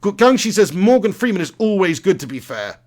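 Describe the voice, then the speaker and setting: Brief: young streamer, chatty and laughing, higher voice, commenting live on a football game. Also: male voice, very animated, a little fast, darkish tone. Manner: chatty, laughs often, reads out chat messages. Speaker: gaming streamer.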